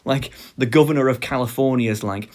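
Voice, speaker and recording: A young British man giving a sarcastic commentary lecture, animated and stammering through restarts. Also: medium pitch, a little fast. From Britain.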